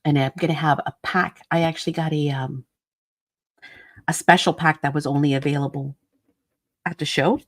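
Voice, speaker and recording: A woman hosting a craft channel, telling stories to her viewers in a casual, animated way from her studio, often dissolving into laughter. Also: low voice, normal speed, long pauses. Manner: animated and giggly, breaks into laughter. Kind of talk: casual chatty storytelling to viewers. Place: indoor art studio.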